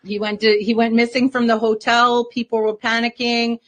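A woman's voice: fairly high pitch, little pitch movement, moderate pace, a bit bright. A woman telling a story as an interview guest in a casual, rambling way, full of fillers.

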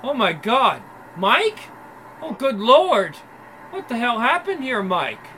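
A man's voice: extremely high pitch, big pitch swings, slow, bright, forceful tone, slight background noise, voice pushed up, exaggerated voice. A man voicing a worried, scolding churchgoing wife. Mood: alarmed. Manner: scolding, fretful.

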